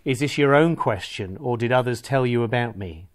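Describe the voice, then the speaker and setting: Calm man on trial, man reading aloud, steady, even, measured scripture reading. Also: mid-range voice, close to an everyday voice. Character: calm male teacher under trial, grown man.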